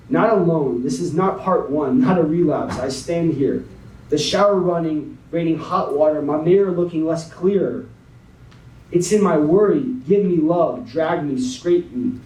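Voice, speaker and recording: A young man as a guest speaker, slowly and dramatically reading a spoken word poem, then talking to a young audience. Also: fairly high pitch, dark tone. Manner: slow, dramatic poetry reading. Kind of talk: spoken word poetry then motivational talk. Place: conference hall. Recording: echoey hall, mic at a distance.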